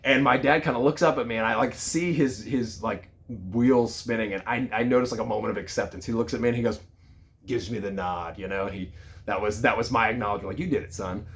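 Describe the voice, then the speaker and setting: A man's voice: mid-range voice, fast talker. Chatty man in his thirties telling a story. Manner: conversational, lively storytelling with fillers. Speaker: sales leader. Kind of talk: casual personal storytelling.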